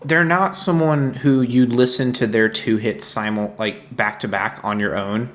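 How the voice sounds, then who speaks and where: A man's voice: mid-range voice, steady tone, unhurried, fairly bright tone. Laid-back dry male podcast co-host. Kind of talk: casual chat.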